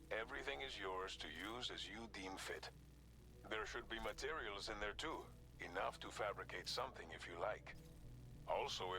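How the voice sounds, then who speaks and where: A man voicing a calm low-voiced game guide. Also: noisy background, close to an everyday voice. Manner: measured, instructive. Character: calm adult male guide giving porter instructions. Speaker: game character giving instructions. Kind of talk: scripted game dialogue. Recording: game audio under music. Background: music.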